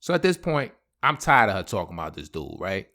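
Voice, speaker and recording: A man's voice: deep voice, a little fast. A man telling a personal story in a casual, slangy vlog, laughing often. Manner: animated, slangy, laughing a lot.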